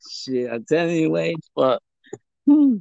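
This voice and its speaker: Gravelly-voiced man, loud and profane. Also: on the high side, dry recording. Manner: profane, laughing, code-switches into Spanish. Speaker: podcast co-host. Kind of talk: casual chat. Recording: dull, dry lo-fi recording.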